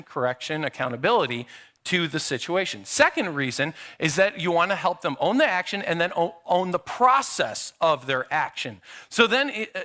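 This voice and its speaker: A man's voice: high-pitched, pushed and bright. A middle-aged man preaching a sermon in a church, conversational and acting out quotes from his children. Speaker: pastor. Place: church sanctuary.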